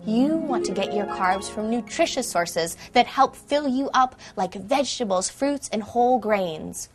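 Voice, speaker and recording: A woman's voice: a little high, expressive, a little slow, soft background music. A woman presenting a scripted educational lesson in an upbeat, emphatic way.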